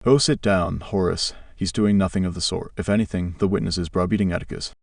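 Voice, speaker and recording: A man's voice: deep voice, fairly even intonation, a little fast, vocal fry, no room sound, clean studio sound, distant mic. A man reading the part of a blunt, stern older judge in an audiobook. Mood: brusque. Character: stern older male small-town judge.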